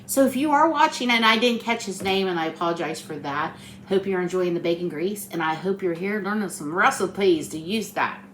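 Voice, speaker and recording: A woman's voice: fairly low pitch, brisk, a bit bright, roomy sound, a little hiss or hum. A middle-aged woman, rambling and telling stories as she cooks at home for her vlog, tired after a long week. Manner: rambling, storytelling, talkative. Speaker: cooking channel host. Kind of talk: chatty home cooking vlog. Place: home kitchen.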